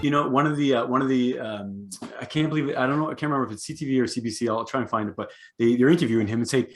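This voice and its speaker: A man's voice: mid-range voice, racing, faint music behind. A man co-hosting a casual political chat, talking emphatically with many restarts and asides. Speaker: podcast co-host.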